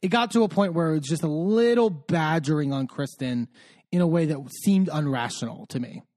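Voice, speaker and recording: Male co-host, high voice, gossipy animated recap style. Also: brisk. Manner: animated retelling, acts out quotes, laughs often. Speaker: podcast co-host recapping reality TV. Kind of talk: casual chat.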